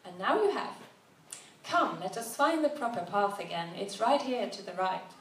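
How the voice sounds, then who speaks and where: A woman voicing a calm, loving male guide who speaks gently, recorded at a distance in a roomy space. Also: medium pitch, moderate pace. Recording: roomy, distant mic, faint background noise.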